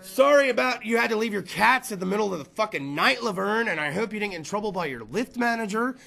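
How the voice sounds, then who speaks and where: Male podcast host, high gravelly voice, loud and rambling, profane casual storyteller. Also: lively intonation, fast. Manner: loud, rambling and profane, with repeated phrases and bursts of shouting.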